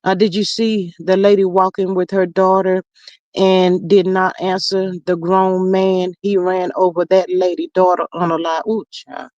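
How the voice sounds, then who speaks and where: Her delivery flat and measured, a live-stream host with a fairly low, slightly mellow voice reads viewers' comments in a folksy, sighing style, using "child" and "y'all." It's dry, dull lo-fi stream audio from a streaming setup, with no room sound.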